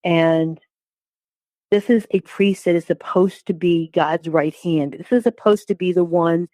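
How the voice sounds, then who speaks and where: A woman in her sixties recounts her story as an interview guest, her voice sitting low. She speaks haltingly, repeating words and restarting phrases. The sound is dry and close, with no room echo. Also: steady tone, dark tone. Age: 60s. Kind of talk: personal testimony.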